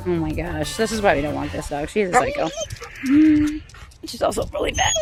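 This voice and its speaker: A woman in her fifties vlogging about her day in a casual, chatty, animated way. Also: medium pitch, fairly quick, background noise. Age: 50s.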